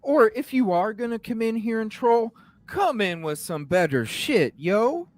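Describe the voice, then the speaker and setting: A man's voice: sits high, a little slow, dry recording. Fired-up profane man ranting on a podcast. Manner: profane, animated, repeats "you know what I'm saying". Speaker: podcast host. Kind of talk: heated live-stream rant.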